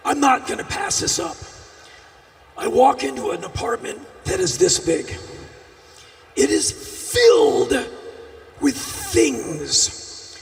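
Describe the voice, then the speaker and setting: A man performing a live storytelling monologue on a festival stage, animated, with bursts of shouting. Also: extremely high pitch, slow, creaky, long pauses. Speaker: spoken-word performer. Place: large outdoor festival stage. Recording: echoey stage sound from a distance.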